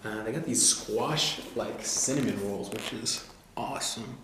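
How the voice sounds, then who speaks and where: A man talking casually to the camera as a vlogger, relaxed and loose, with lots of "you know" and "like". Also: medium pitch, unhurried. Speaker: vlogger reviewing cookbooks. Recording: very echoey room, faint noise.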